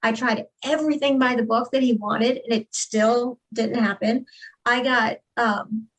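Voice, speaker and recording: A woman's voice: on the high side, fairly bright tone, low-quality recording. A woman giving a candid, earnest personal testimony as a guest in an interview, with frequent fillers.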